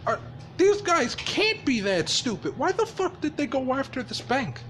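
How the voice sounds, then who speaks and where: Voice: sits high, very animated, normal speed, fairly bright tone, slight background noise. A person casually telling a rambling fan story, swearing often and laughing along.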